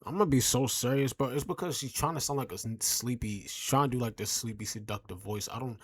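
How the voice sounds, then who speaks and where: A man's voice: medium pitch, fast, breathy edge. A man giving blunt, profane reaction commentary in a casual, exasperated way. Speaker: reaction streamer.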